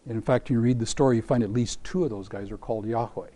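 A man preaching a sermon in a relaxed, mellow voice of middling pitch. He brings a scripture story to life, acting out its voices and firing rhetorical questions at the listeners. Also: quick pace.

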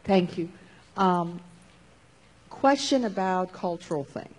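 A woman's voice: fairly low pitch, animated, slow pace, a little mellow. A woman from the Middle East in the audience, starting a question in a hesitant, tentative way. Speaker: audience member asking a question. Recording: long hall reverb.

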